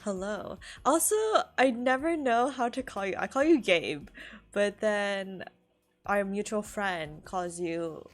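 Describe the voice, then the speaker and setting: A woman's voice: medium pitch, slow pace. A young woman from California chatting casually on a live stream, rambling, laughing often and filling her talk with "like".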